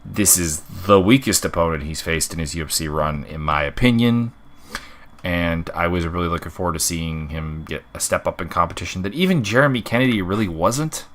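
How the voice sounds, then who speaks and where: A man with a deep voice and a bright, forceful edge talks through his fight picks off the cuff. He rambles, restarting sentences and filling pauses with ums and uhs. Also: lively intonation. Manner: rambling, many fillers and restarts. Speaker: MMA fight predictions host. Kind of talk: casual unscripted commentary.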